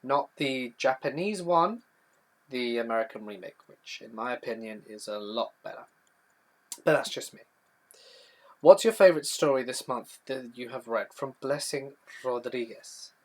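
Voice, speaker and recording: A man's voice: mid-range voice, moderate pace. A young man hosting a live stream, chatty as he reads viewer questions from the chat and answers them one by one. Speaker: horror storytelling channel host.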